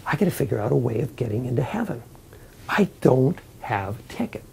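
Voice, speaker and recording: A man's voice: mid-range voice, sing-song, fairly quick, creaky, darkish tone, slight background noise. Priest doing a bragging scheming man. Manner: pleading, bragging. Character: boastful scheming man at heaven's gate.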